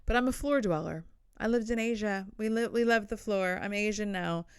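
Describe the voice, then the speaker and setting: A woman's voice: mid-range voice, moderate pace, clean tone, no room sound, studio quality. A young adult woman hosting a casual solo comedy podcast, rambling and blunt with self-deprecating asides, sitting on the floor indoors.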